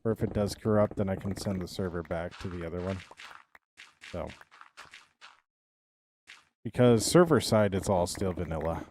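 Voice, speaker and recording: A man's voice: low-pitched, normal speed, long pauses, noisy background. A young man streaming live, chatting casually with viewers and thinking aloud in a loose, rambling way that often trails off.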